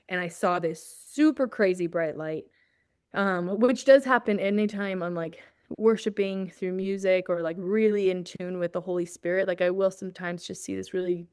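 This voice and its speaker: A woman's voice: mid-range voice, moderate pace, clean tone, no room sound, clean studio sound. A woman guest on an interview show, telling a personal story in a casual way, often laughing and acting out her own thoughts. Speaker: guest, journalist.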